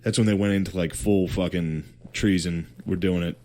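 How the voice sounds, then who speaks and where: A man's voice: sits low, fairly even intonation, moderate pace, dark tone. A man co-hosting a podcast, telling history in a casual, profane, slangy way with joking asides. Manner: profane, slangy storytelling with put-on quotes and laughter. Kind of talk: casual comedic history chat.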